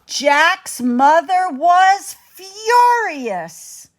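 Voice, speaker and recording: Woman storyteller, slow and dramatic, lively pitch. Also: a little hiss or hum. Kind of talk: bedtime story narration.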